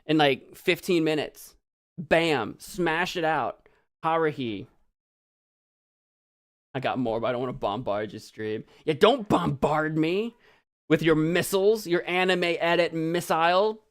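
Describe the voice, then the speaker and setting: A man's voice: fairly high pitch, unhurried. An American man chatting casually on a live stream, rambling and giggling as he reads viewer comments aloud.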